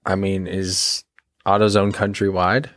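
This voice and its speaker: Young man, podcast co-host, lowish voice, low energy, teasing, dry close mic. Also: flat delivery, measured pace, fairly bright tone, dry recording. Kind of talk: casual podcast chat.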